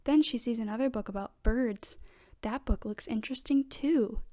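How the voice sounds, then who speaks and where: A woman reading a children's picture book aloud in steady, gentle narration. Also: a little high, moderate pace. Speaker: storybook reader.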